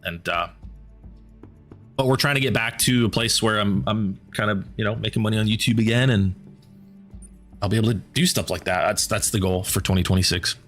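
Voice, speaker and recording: Low-voiced man rambling on a game stream. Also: fairly quick, fairly bright tone, faint music behind. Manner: rambling, repeats words while thinking aloud. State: losing his voice. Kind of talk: casual live-stream chat with viewers.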